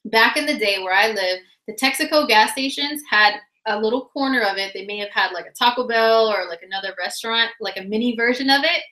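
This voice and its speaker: A woman telling a funny personal story in a casual, animated way, laughing often and using lots of fillers. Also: a little high, brisk, few pauses. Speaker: vlogger. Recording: roomy echo.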